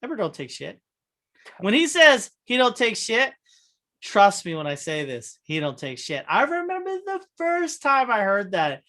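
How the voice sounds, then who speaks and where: A young man, a podcast co-host, teasing and swearing in lively casual chat. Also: high voice, measured pace. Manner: animated, teasing, profane.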